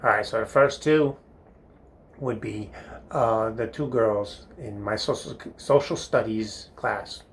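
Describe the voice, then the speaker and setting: Slow and fairly low-pitched, an older man tells wandering, funny stories from his schooldays in a bathroom. He fills them with fillers and laughs at himself, while a little hiss or hum sits underneath.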